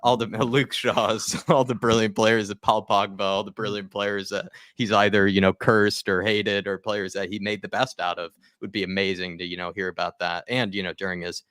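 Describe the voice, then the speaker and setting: A man with a low, bright, forceful voice hosts a casual fan podcast. He rambles and leans on fillers as he talks over a remote call. The sound is dry and close. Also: level tone, normal speed, hardly any pauses, smooth, dry recording. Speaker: podcast host.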